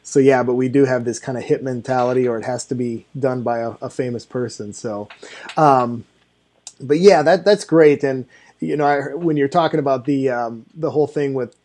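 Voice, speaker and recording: A man's voice: medium pitch, normal speed, a little mellow. A man hosting an interview, easygoing and affirming in a chatty way. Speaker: podcast host. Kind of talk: casual interview chat.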